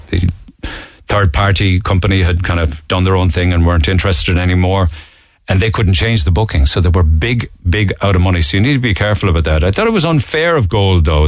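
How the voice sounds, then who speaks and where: A man's voice: sits low, no room sound. A man with a Cork Irish accent, hosting a radio show and telling a rambling story full of fillers and restarts into a studio microphone. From Ireland. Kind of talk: casual radio talk, telling an anecdote.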